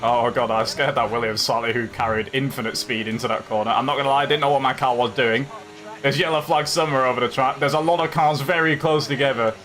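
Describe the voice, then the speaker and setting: A man's voice: medium pitch, quick pace. A young man commentating his own sim race live, chatting to opponents and viewers as he drives. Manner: animated, talks to other drivers and chat while racing. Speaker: sim racing streamer.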